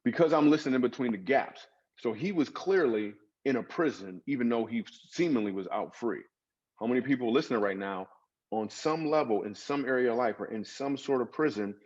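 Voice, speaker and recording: A man's voice: mid-range voice, lo-fi sound. A man guest on a podcast, a comedian and author, telling personal stories in an earnest, dramatic way with emphatic swings. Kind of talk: storytelling interview.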